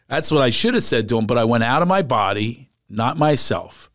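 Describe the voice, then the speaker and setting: A man, a stand-up comic, chatting casually and telling animated stories, acting out the people he quotes. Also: a little high, normal speed, hardly any pauses, dry recording, studio quality. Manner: animated storyteller, acts out quotes. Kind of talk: casual podcast chat.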